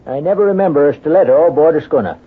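A retired schooner captain in an old radio play, blunt and plain-spoken. His voice sits fairly high and sounds husky. The recording is thin and tinny. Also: very fast.

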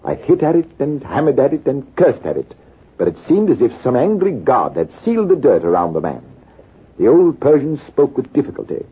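An actor playing a composed British army major telling a war story in a measured, deliberate way, in 1940s radio acting. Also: male voice, mid-range voice, very animated, slightly rough. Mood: calm. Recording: tinny, lo-fi old radio broadcast.

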